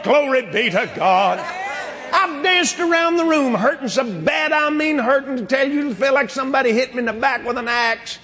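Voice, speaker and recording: A man preaching a fervent sermon, shouting and laughing as he goes. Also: very high voice, normal speed, background noise. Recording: reverberant hall with a crowd.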